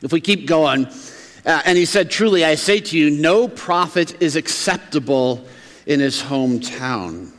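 A man's voice: on the high side, expressive, a little slow, fairly bright tone. A man preaching a sermon as a pastor, in a conversational way that acts out the reactions of the townsfolk. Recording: long reverb of a large hall.

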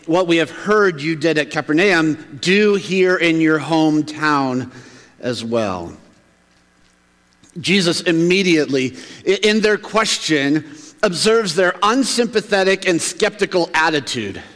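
Pastor preaching in an echoing hall. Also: male voice, a little high, expressive, a little slow, a bit bright. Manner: conversational, acts out townsfolk's reactions. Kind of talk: sermon. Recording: long reverb of a large hall.

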